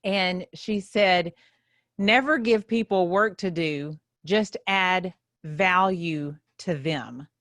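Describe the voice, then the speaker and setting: Sitting as a guest in the host's chair of a podcast studio, a woman chats casually in a lowish, slightly bright voice at a slow pace. Chatty and self-conscious, she laughs and uses Southern "y'all" speech, with no room sound on the recording.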